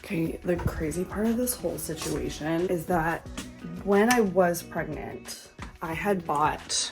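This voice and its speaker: A woman's voice: lowish voice, gravelly. A young woman talking casually to her vlog audience, candid and full of fillers like "like" and "you know". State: out of breath. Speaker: vlogger, nurse and business owner.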